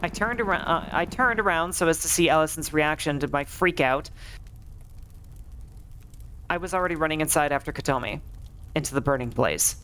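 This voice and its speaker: A woman streamer reading a visual novel aloud, acting its lines with shouts and swearing. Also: deep voice, moderate pace, pauses often, a little hiss or hum.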